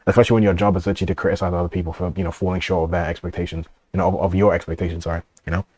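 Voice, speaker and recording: Fast-talking deep-voiced male streamer. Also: flat delivery, darkish tone, no room sound. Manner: rambling, profane, laughs often. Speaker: streamer reacting to a video. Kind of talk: casual reaction stream.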